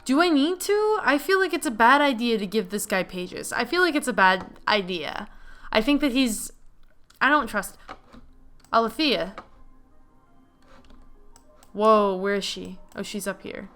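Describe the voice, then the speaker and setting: A young woman giving casual let's play commentary, chatty and excitable, reading game lines aloud. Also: on the high side, unhurried, long pauses, soft background music. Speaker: gaming video host.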